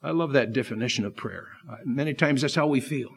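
A man preaching a sermon, impassioned, swinging from loud emphasis to hushed, earnest asides. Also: mid-range voice, brisk, breathy edge.

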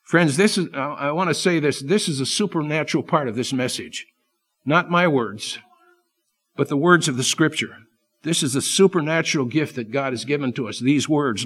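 A man preaching a sermon, impassioned, swinging from loud emphasis to hushed, earnest asides. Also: fairly high pitch, moderate pace, breathy edge.

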